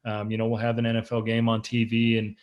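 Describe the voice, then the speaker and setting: A man's voice: fairly low pitch, completely flat delivery, quick pace, highs cut off. A man in his thirties, a professional quarterback, chatting casually in an interview and teasing the host with playful jokes. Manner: joking, teasing, playful storyteller.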